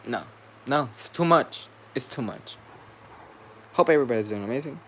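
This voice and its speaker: A man's voice: medium pitch, animated, moderate pace, a little hiss or hum. A man venting to camera in a vlog, angry and profane, repeating himself as he rants. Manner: heated, profane, repetitive venting. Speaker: vlogger.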